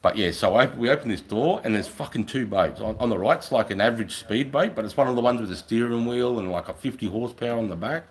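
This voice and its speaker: A man's voice: mid-range voice, quick pace, few pauses, husky, poor audio. Swearing Australian man telling war stories. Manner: profane, animated, acts out voices. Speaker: army veteran storyteller on a live stream. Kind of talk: casual storytelling.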